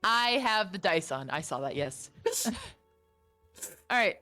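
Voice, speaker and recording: Woman game master, unhurried, crude joking banter, dry close mic. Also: on the low side, animated, bright, forceful tone, dry recording, soft background music. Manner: slow, swearing, laughing banter. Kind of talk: narrating a tabletop game.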